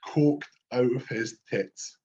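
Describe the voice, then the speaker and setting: A man's voice: medium pitch, slow pace, lo-fi sound. A Scottish man co-hosting a podcast, telling backstage stories in casual chat with lots of swearing. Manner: swears freely, animated storytelling. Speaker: podcast co-host.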